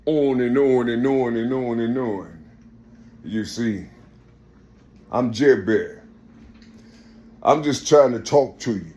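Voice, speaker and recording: A man delivering an impassioned religious monologue as a preacher, emphatic and repetitive, swinging from raised, shouted lines to a low murmur. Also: slow pace, long pauses.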